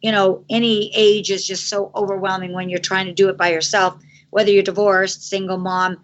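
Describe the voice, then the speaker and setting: A woman's voice: medium pitch, little pitch movement, brisk, dull audio, a little hiss or hum. A woman who founded a clothing company, a guest on a radio interview, telling a story with many restarts and acted-out quotes.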